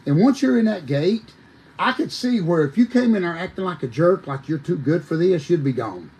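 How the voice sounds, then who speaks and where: Older man, folksy animated storyteller, slightly high voice. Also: normal speed, background noise. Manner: folksy, emphatic, addresses listeners as folks. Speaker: guest storyteller, former wrestler.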